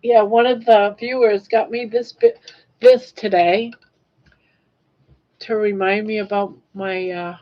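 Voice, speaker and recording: Slow-talking grandmother on a dull lo-fi stream. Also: mid-range voice, steady tone. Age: 60s. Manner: warm-hearted, emotional, chatty with viewers. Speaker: livestream host. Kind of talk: casual livestream chat, reading viewer comments.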